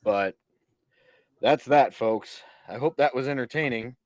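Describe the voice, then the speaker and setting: This podcast co-host is at home on a couch, casually chatting in a playful way while trying to lure his dog over to the microphone. He has a mid-range voice and a measured pace, recorded with no echo.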